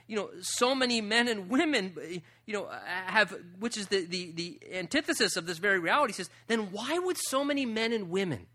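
Preaching in a high voice, this man is emphatic and leans heavily on rhetorical questions, moving back and forth between booming and quiet passages.

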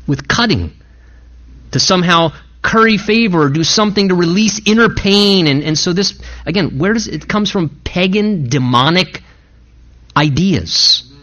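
A man's voice: a little slow, lo-fi sound. A male pastor preaching a sermon, retelling a story and acting out the speakers with big swings of voice. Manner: animated storytelling, acting out quoted speakers with big pitch jumps.

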